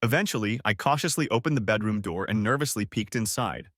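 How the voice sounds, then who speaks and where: A man narrating a first-person audiobook story in a dramatic, animated manner. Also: fairly low pitch, fairly quick, dry recording, clean studio sound.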